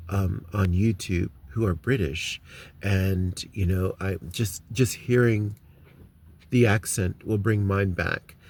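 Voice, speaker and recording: A man's voice: deep voice, darkish tone. An American man talks casually to his viewers, rambling with many ums and restarts, recorded on a phone inside a parked car. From United States. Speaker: vlogger.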